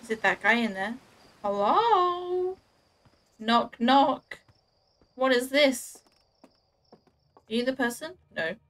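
Speaking slowly and pausing often, this young woman has a slightly high, fairly bright voice. While she plays a game on stream, she offers casual, self-mocking commentary to herself and her chat, joking about her clumsiness.

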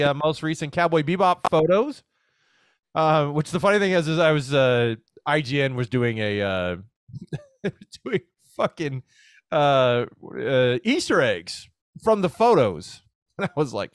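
A man hosting a podcast in casual, profane chat, joking with a dark sense of humor. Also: a little high, animated, measured pace, smooth, dry recording, clean studio sound. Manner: jokey, swears often, dark humor. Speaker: podcast host.

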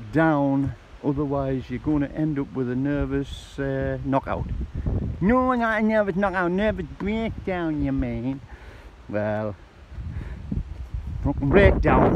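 Man arguing with himself. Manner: switches between a high agitated voice and a low calming one, swearing. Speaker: vlogger working alone on his yard. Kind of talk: comic self-dialogue. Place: outdoors at a work yard.

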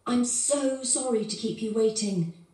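A woman's voice: a little high, measured pace, mellow, far from the mic, natural voice. A woman acting an apologetic speaker in a textbook dialogue. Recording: course audio played into an echoey room.

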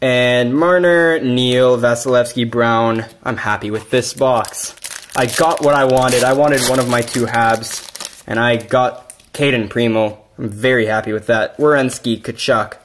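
A man narrating a card-opening session at home in a casual, excitable way, bursting into yelling over big pulls. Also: mid-range voice, a little slow, slight background noise. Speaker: card-collecting YouTuber.

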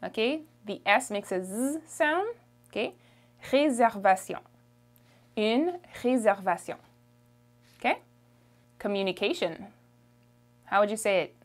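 A woman with a Canadian French accent giving an online French lesson, modelling words slowly and checking in with "okay" after nearly every word. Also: medium pitch, lively intonation. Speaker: French teacher. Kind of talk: language lesson.

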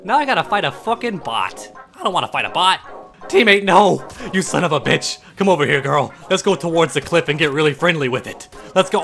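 A man's voice: moderate pace, creaky, faint music behind. Trash-talking man commentating gameplay. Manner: trash-talking, taunting, swearing; swings between low muttering and excited yelps. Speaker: gaming channel host.

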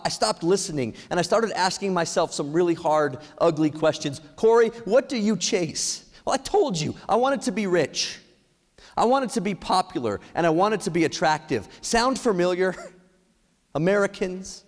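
A man giving an energetic motivational speech on ethics, asking the audience many questions. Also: a little high. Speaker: speaker at an ethics event. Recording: echoey hall reverb.

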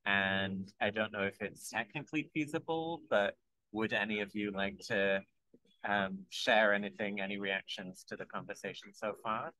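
A man with a fairly low, bright voice moderates a discussion in a polite, unhurried manner. The sound is dry and close to the mic. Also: no echo, rough recording. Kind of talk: moderating a discussion on a video call.

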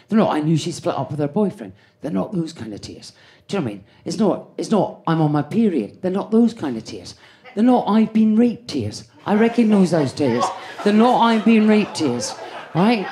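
A woman's voice: on the low side, very animated, moderate pace, dark tone. A woman in her fifties doing a stand-up comedy set on a club stage, brash, sweary and chatting straight to the crowd. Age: 50s. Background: audience laughter.

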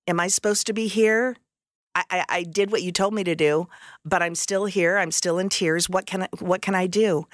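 Low-voiced woman sharing an earnest testimony. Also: a bit bright, dry recording, clean studio sound. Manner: earnest, heartfelt storytelling with a smile in the voice. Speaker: podcast host sharing her testimony. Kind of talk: personal faith testimony.

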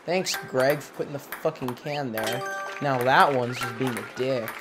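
A gamer giving casual, profanity-heavy commentary while playing, muttering to themself and breaking into loud frustrated outbursts. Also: mid-range voice, moderate pace, over music. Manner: swears a lot, mutters to self between loud frustrated outbursts. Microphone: gaming mic.

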